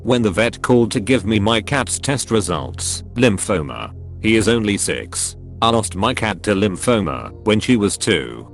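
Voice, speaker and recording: A man narrating a string of online comments in a scripted reading, spelling out even web links word for word. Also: on the low side, a little slow, faint music behind. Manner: reads every text literally, web links spelled out.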